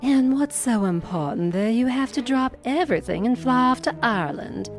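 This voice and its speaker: An actress playing a suspicious wife in an audio drama, speaking in an indignant, measured way. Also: female voice, on the high side, animated, over music. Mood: wary. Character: suspicious wife snooping on her husband.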